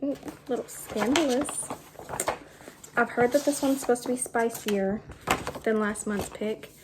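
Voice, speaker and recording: A bubbly young woman chats to a camera propped on the floor. She talks loosely and fills her sentences with "like" and "um". A fan hums clearly behind her in a noisy home room. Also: fairly high pitch, normal speed. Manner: bubbly, chatty, lots of fillers. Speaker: book vlogger. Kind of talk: casual chat to camera.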